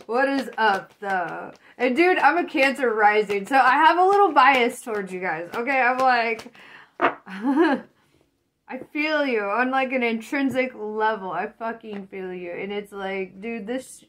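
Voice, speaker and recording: A woman's voice: fairly high pitch, expressive, unhurried, a bit bright, slight background noise. A woman doing a casual tarot reading, swearing a lot, laughing often and getting fired up. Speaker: tarot reader.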